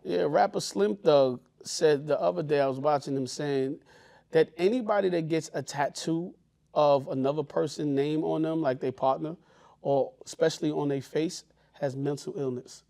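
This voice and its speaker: A man's voice: fairly high pitch, normal speed, creaky, mellow, dry recording, clean studio sound. A man co-hosting a podcast, telling loose stories in casual chat and acting out the voices of the people in them. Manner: loose storytelling, acts out quoted voices. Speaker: podcast co-host.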